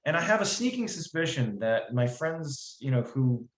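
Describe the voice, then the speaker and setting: A man's voice: mid-range voice, very animated, normal speed. Rambling American man in a roomy room. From United States. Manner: thoughtful, rambling, many restarts and fillers. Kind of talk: casual podcast chat.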